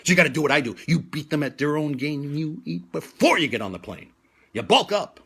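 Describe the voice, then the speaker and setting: A man's voice: fairly high pitch, big pitch swings, fairly quick, creaky, a bit bright, breathy edge. A man, hosting a comedy show and delivering a stand-up routine with punchy timing. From New York. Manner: punchy joke delivery, laughing at own lines. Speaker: comedian host. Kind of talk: stand-up routine on a live stream.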